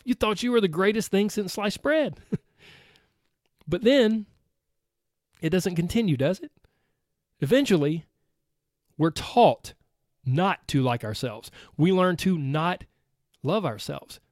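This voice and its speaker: A man's voice: on the high side, darkish tone, dry recording, studio quality. A man hosting a motivational podcast, talking earnestly and acting out his listeners' objections. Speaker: podcast host.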